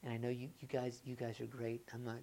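A woman with a notably low voice preaches to a church congregation. She asks her listeners question after question, sometimes raising her voice with excitement and sometimes dropping to a quiet, earnest tone. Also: fast, a little hiss or hum. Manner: swings from loud excited rhetorical questions to quiet earnest talk. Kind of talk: sermon.

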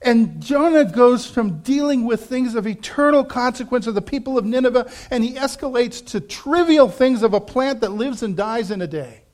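A man preaching a sermon, telling a story with animated shifts and acting out quoted voices, laughing now and then. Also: very high-pitched, normal speed, few pauses. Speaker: pastor.

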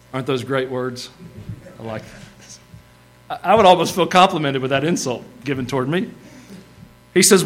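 A man preaching a sermon in a folksy, animated way, acting out bits of the story as he goes. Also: medium pitch, brisk, long pauses.

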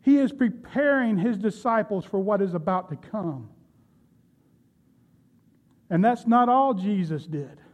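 A man preaching with a high, light voice, retelling scripture as a story and turning to question his listeners. The recording is dull and lo-fi. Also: lively intonation, a little slow, long pauses. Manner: storytelling preacher, addresses congregation directly. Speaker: pastor. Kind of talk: sermon.

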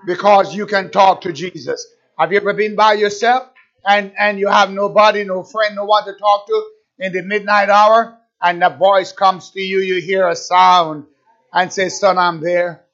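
A man's voice: high-pitched, fairly even intonation, moderate pace, fairly bright tone. A man preaching a fervent sermon, repeating himself and firing rhetorical questions at his listeners. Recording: dull lo-fi recording.

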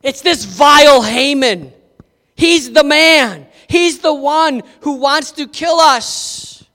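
A man's voice: very high voice, slow pace, sharp tone, full character voice. A man playing an earnest, pleading queen. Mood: accusing. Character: dignified queen pleading for her people. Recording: echoey hall reverb.

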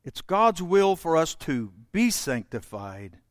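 High-voiced preacher, loud to hushed. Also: male voice, big pitch swings, slow, no echo, clean studio sound. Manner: preaching with swings from loud to quiet; folksy, talks straight to the congregation. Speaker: pastor. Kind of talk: sermon.

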